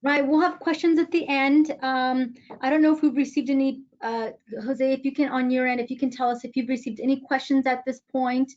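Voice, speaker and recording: A woman with a somewhat high voice moderates a webinar over a video call. She speaks in a measured way, often repeating words as she hands over to speakers. The audio sounds muffled, as from a video call. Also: little pitch movement, a little mellow.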